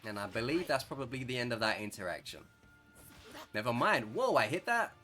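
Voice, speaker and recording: A young man with an English accent giving chatty, excitable gameplay commentary, rambling and correcting himself as he plays. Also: mid-range voice, brisk, soft background music. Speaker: gaming streamer.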